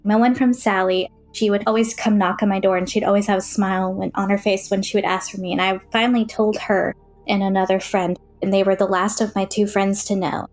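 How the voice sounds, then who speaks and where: A woman's voice: medium pitch, level tone, a little fast, faint music behind. Young woman telling her story plainly. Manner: plain, matter-of-fact retelling with frequent "like" fillers. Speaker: interview guest. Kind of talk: personal testimony in an interview.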